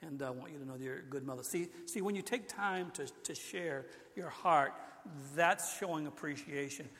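A man's voice: on the high side, normal speed, fairly bright tone. An older man preaching a sermon in a church, talking in a conversational way, often restarting his sentences. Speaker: pastor. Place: church sanctuary. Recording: long hall reverb.

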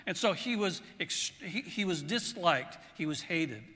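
Bright-voiced male preacher in a reverberant hall. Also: high-pitched, animated, a little slow. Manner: conversational, storytelling, repeats words. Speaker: pastor. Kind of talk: sermon.

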